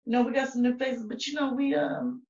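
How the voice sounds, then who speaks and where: A woman co-hosting a podcast in casual chat, profane and animated, often breaking into laughter. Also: sits high, a little fast. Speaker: podcast co-host. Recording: roomy, distant, dull sound.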